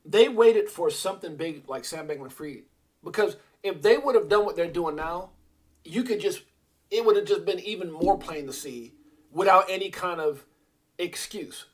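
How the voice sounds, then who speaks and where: A man hosting a crypto livestream, ranting casually and animatedly, drifting off on tangents and answering his chat. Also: fairly high pitch. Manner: animated, digressive, talks back to the chat.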